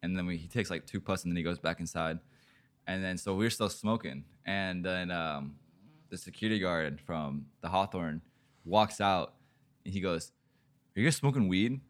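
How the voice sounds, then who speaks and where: A podcast host chatting casually, telling rambling, profane stories full of fillers. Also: male voice, low voice, fairly even intonation, normal speed.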